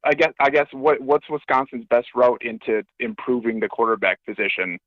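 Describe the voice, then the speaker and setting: A man's voice: mid-range voice, steady tone, fairly quick, no room sound, phone-quality sound. A man calling in to a sports show, asking a rambling, hesitant question. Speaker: caller. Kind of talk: call-in question.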